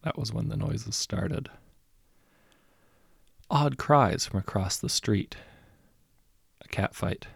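Gravelly low-voiced male narrator. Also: takes it slowly, long pauses, no echo, studio quality. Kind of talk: scripted audiobook narration.

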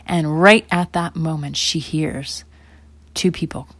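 A woman gently narrating an improvised children's story to her child in a rambling way, repeating phrases. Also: sits low, fairly even intonation, slow pace, husky, no echo.

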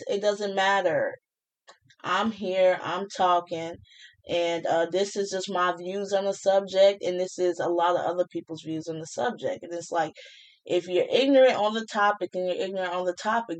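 A young woman hosting a podcast from her small apartment, talking casually with many pauses, fillers and restarts. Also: fairly low pitch, darkish tone. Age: young adult. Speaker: podcast host.

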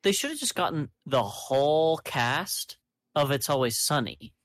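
A man's voice: on the high side, lively intonation, unhurried, fairly bright tone, no room sound, studio quality. Blunt, foul-mouthed man riffing on a podcast. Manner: blunt, swears a lot, rambling riffs. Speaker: podcast co-host. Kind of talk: casual chat.

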